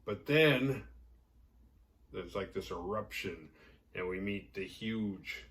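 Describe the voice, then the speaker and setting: A man with a fairly low voice retells a horror film's plot, sounding a little distant from the microphone. He rambles casually, leaning on "like" and throwing in jokes and swear words. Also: slow pace, long pauses, a bit bright. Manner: rambling, heavy filler "like", profane and jokey. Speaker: horror movie podcast host. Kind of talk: casual movie recap.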